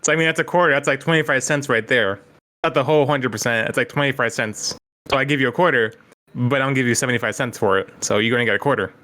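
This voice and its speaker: A man's voice: medium pitch, quick pace, bright, forceful tone. A man co-hosting a review podcast, playful and joking in casual chat. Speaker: podcast co-host.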